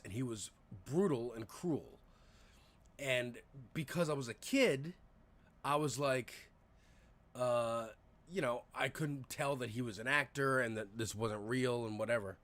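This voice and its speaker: A man's voice: mid-range voice, fairly bright tone. A man in his thirties telling stories on a casual livestream, rambling and profane, with lots of fillers and restarts. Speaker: live streamer.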